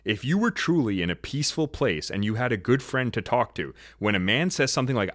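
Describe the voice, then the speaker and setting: A man hosting a talk show, giving an opinionated monologue in an assertive, lecturing way that swings in pitch and loudness. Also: big pitch swings, fairly quick, dry recording, clean studio sound. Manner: assertive, lecturing, shifts pitch and volume often. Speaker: podcast host.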